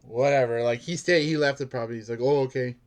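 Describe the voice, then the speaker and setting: A man's voice: medium pitch, fast. A man who works as a bank security guard, telling a rambling story in a casual monologue, filled with "like" and laughing at himself.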